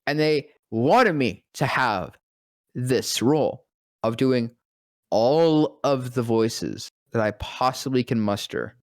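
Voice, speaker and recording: A man, a guest voice actor, telling a story in casual podcast chat, profane and animated, often dropping into deep voices when quoting people. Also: slow, no room sound, clean studio sound.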